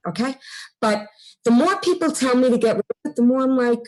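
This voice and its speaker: A middle-aged woman with a thick Long Island New York accent, chatting as a guest, brash and fast-talking, swearing freely. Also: on the high side, animated, poor audio. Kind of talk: casual chat.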